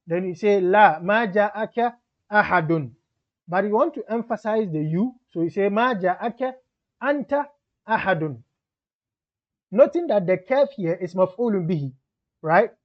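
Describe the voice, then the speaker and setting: A man with a high voice teaches grammar in a patient lesson. He walks through each example step by step and mixes English explanation with Arabic grammar terms. The recording sounds a little dull and lo-fi.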